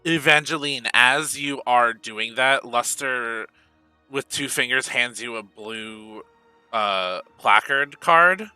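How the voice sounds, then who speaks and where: A man narrating as game master of a tabletop game, slow, with many fillers. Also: medium pitch, pushed and bright, clear, resonant tone, no room sound, soft background music.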